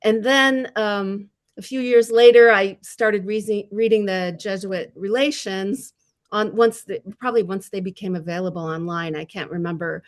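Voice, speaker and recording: A woman's voice: mid-range voice, fairly even intonation, normal speed. Reflective woman novelist on a panel. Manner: reflective and self-deprecating, laughing at herself. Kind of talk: panel discussion.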